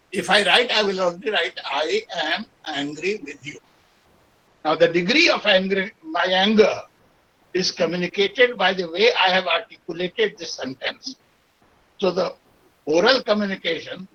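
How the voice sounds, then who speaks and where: A man, a professor, answering a question on a webinar video call with deliberate, emphatic lecturing and spoken examples. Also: sits high, bright, forceful tone, muffled recording. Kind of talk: webinar discussion.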